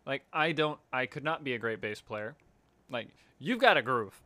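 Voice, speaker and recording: A young man in casual chat, teasing his friend and telling stories with animated energy. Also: mid-range voice, normal speed, no echo.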